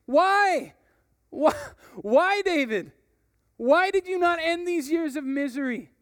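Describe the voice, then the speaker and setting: A man playing a furious male soldier who shouts his frustration at his leader, read dramatically from a book. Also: very high-pitched, animated, slow, dry recording, studio quality, in a large hall, pitched above the performer's own voice, full character voice. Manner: loud, shouting, pleading. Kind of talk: dramatic reading of a book passage.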